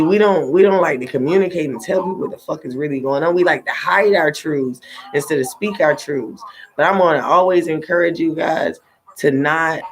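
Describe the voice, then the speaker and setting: A middle-aged woman and tarot reader, talking in a casual livestream, blunt and profane as she preaches her advice. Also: deep voice.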